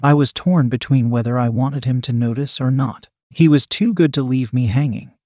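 A man's voice: mid-range voice, moderate pace, a little mellow, dry recording. Man reading an erotic story, dry. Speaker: story reader. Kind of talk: scripted erotic story narration.

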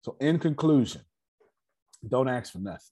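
Man, husky voice, animated storyteller, streetwise slang, repeats himself, swinging intonation. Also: mid-range voice. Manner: repeats words, streetwise slang, dramatic pauses. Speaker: speaker leading a business meeting.

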